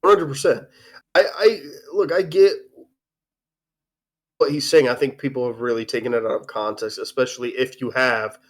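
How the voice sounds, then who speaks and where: A man's voice: mid-range voice, fairly even intonation, normal speed. A man co-hosting a live stream, chatting casually with frequent stammered restarts and profane jokes. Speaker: streamer co-host.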